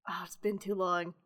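A woman's voice: mid-range voice, pushed and bright. A young woman co-hosting a casual chat, giggly and chatty with lots of filler words.

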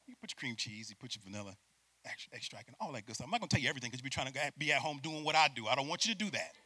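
A man preaches a sermon, swinging from hushed asides to loud, emphatic peaks and having the congregation repeat words after him. His medium-pitched voice is expressive, husky, and rapid-fire, in a dry recording.

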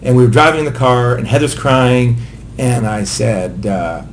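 A man's voice: medium pitch, steady tone, moderate pace, slight background noise. Middle-aged man speaking earnestly on a podcast. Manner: earnest, candid, acts out quoted lines. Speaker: podcast co-host. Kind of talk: casual conversation, personal reflection.

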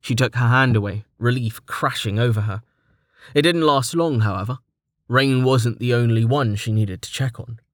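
A man narrating a fantasy audiobook in a steady, even storytelling manner. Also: medium pitch, moderate pace, no room sound, clean studio sound.

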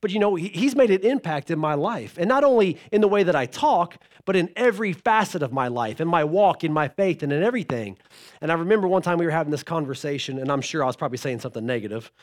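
A middle-aged man delivers a sermon from the pulpit. His voice sits a little high for a man, and he tells stories in a folksy, joking way, teasing and checking in with the congregation as he goes. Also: animated, quick pace. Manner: folksy storytelling with humor and asides to the congregation. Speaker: pastor.

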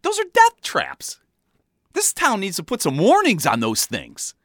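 A man reading his own comic memoir aloud in a wry, deadpan storytelling manner. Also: high-pitched, measured pace, no echo, clean studio sound.

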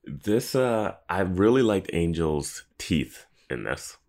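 A man co-hosting a podcast with a very deep, gravelly voice. His pitch swings a lot as he chats casually and makes dry, sarcastic jabs. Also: big pitch swings, slow pace, darkish tone. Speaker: podcast co-host. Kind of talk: casual chat.

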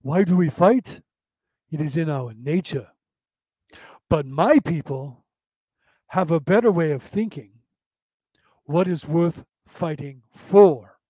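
A calm male panda sage from a fantasy game, as a man puts him on speaks slow, solemn lines. His voice sits high, and the sound is close and dry with no room around it. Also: breathy edge, no echo, heavily acted, poor audio.

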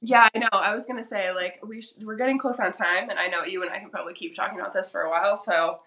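A woman's voice: mid-range voice, steady tone, racing, crowd noise. Rambling, laughing woman podcast co-host. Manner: rambling, filler-heavy, laughs often. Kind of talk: casual chat.

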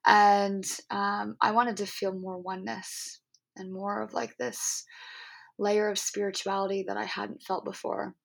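A woman's voice: mid-range voice, little pitch movement, measured pace, creaky. A young adult woman hosting a podcast, telling an emotional spiritual story in an earnest, rambling way with many fillers and restarts. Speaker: podcast host.

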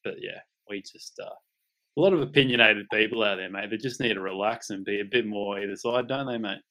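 Laid-back Australian man, bright voice. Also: lowish voice, brisk, rough recording. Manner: laid-back, says "mate" often, jokey. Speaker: podcast co-host. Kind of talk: casual chat.

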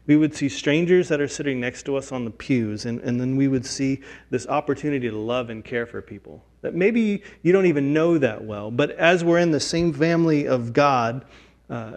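An earnest male pastor delivers a sermon at a mid-range pitch. He drops to a soft, low voice, then rises sharply when he acts out lines. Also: creaky. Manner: earnest, swings from soft to loud acted quotes.

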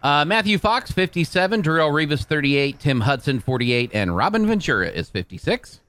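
A man with a slightly high, fairly quick voice co-hosts sports radio, reading the day in history. He keeps the banter casual and animated, teasing the others and laughing often.

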